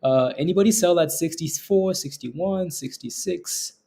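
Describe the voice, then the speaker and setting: A man's voice: fairly high pitch, a little slow, dark tone. A man hosting a live stock trading stream, chatting casually with viewers and chuckling often as he comments on the market. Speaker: stock trading livestream host.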